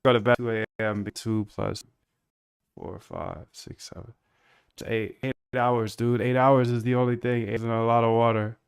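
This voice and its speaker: A young man with a gravelly, smooth voice talks casually on a live stream while he codes. He rambles and mutters half to himself, calling his viewers dude. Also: mid-range voice, little pitch movement, moderate pace. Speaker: streamer coding a trading bot.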